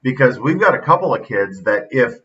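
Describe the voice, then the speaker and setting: A man's voice: medium pitch, sing-song, a little fast, sharp tone, recorded from a distance. A middle-aged man hosting a casual motivational monologue, blunt and folksy, retelling stories with quoted dialogue. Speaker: podcast host and youth football coach. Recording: dull lo-fi sound, slightly off-mic.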